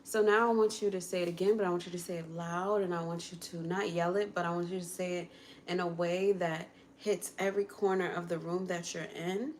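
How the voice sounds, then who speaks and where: Chatty woman coaching a singing lesson. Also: lowish voice. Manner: chatty, encouraging, coaching step by step. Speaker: content creator and vocal coach. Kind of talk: casual livestream chat with a mini singing lesson. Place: home kitchen while cooking.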